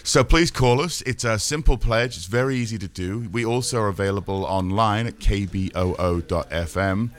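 A man's voice: fairly low pitch, normal speed, few pauses. A man with an English accent, co-hosting a radio pledge drive in a joking, chatty way and repeating the call-in number. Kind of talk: casual radio pledge pitch. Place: radio studio.

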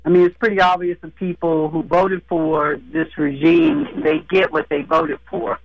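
A woman calling in to a radio talk show, outspoken and emphatic, with a hoarse morning voice over a phone line. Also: low voice, steady tone, normal speed. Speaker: caller. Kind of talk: phone-in commentary.

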